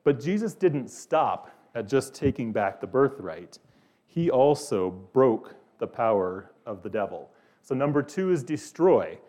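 A man's voice: medium pitch, sing-song, measured pace, warm tone. A male pastor preaching an earnest sermon, posing questions to his listeners.

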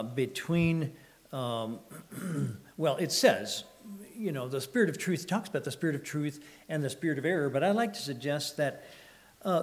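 A man preaching a sermon, halting often to clear his throat and using fillers, and reading scripture aloud in a raised, measured voice. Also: on the high side.

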